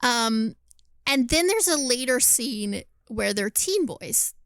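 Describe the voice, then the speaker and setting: Animated laughing woman podcaster. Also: a little high, slow pace, no room sound. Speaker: podcast co-host. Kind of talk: casual film review chat.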